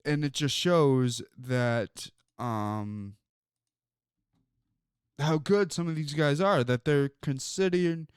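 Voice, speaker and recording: Brief: male sports talk host, unhurried rambling storyteller, fairly high voice. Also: clean tone, dry recording, clean studio sound. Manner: rambling, storytelling, many fillers. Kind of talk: casual sports talk monologue.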